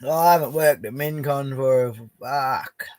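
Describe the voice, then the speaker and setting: Medium in pitch with fairly even intonation, a young Australian man talks slowly in a darkish, clean voice with no echo. Livestreaming from his bush camp while prospecting, he reads viewer comments in a laid-back way and laughs easily.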